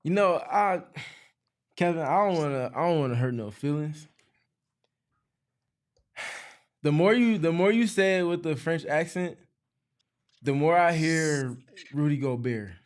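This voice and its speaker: A man's voice: a little high, unhurried, long pauses. A man co-hosting a sports talk show in a studio, laid-back and joking, laughing between remarks. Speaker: co-host. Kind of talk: casual sports chat.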